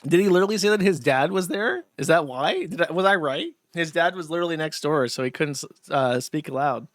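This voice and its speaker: A male host riffs on clips in a casual, sardonic way, laughing and leaning on fillers. His voice sits slightly high. It is recorded close and dry. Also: a little fast, no echo.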